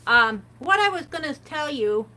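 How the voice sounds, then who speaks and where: A woman's voice: high-pitched, sing-song, moderate pace, bright, forceful tone, rough recording. A woman hosting a casual art livestream, chatting and reading quotes aloud with amused comments. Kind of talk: casual craft livestream chat.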